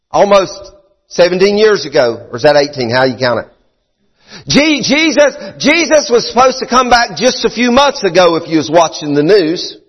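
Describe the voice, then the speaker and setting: Fervent pastor preaching in a reverberant hall. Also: male voice, husky. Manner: preaching with repetition, swinging from high fervent bursts to low chatty asides. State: out of breath. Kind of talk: sermon. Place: church sanctuary. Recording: muffled sound in a hall with long reverb.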